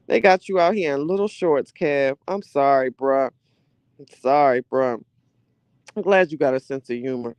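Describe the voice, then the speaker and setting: Woman podcast host, animated casual commentary, dry close recording. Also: very deep voice, measured pace, dry recording. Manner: chatty, animated, exclamatory with laughter.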